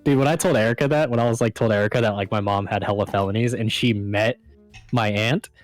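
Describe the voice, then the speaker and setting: A man's voice: on the low side, fast talker, soft background music. A man hosting a live stream in casual chat, a rambling storyteller who swears constantly. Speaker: stream host.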